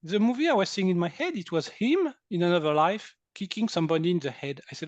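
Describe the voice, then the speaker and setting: Speaking fast with hardly any pauses, a French energy healer in his sixties shares his story as an interview guest, his English carrying a French accent. His voice sits high, the recording is dry, and he's animated, laughing frequently and acting out quoted speech.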